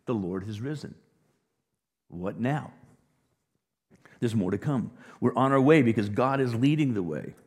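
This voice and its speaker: A man preaching a sermon as pastor, animated, dropping to quiet asides and rising to loud emphasis. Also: medium pitch, measured pace, pauses often, breathy edge. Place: church sanctuary. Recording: long reverb of a large hall.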